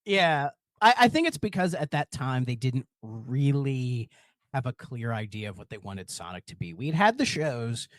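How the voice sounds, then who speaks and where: A man co-hosting a casual podcast, animated and quick to laugh, often repeating words as he starts sentences. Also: mid-range voice, dry recording. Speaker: podcast co-host.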